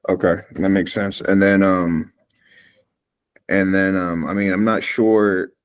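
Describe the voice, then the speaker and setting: A man's voice: sits low, level tone, takes it slowly. A man asking questions as a trainee on a live video call, hesitant and full of fillers.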